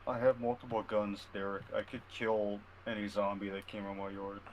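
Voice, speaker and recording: A man chatting with friends over voice chat, laid-back and a little slow to answer. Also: fairly low pitch, level tone, a crowd in the background, low-quality recording. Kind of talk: casual voice chat.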